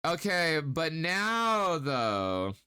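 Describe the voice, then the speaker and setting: Male streamer host, playful and giggly, bright crisp voice, slow unhurried delivery. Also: fairly high pitch, sing-song. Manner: playful, giggly, teasing, drawn-out baby talk at times. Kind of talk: casual live-stream chat.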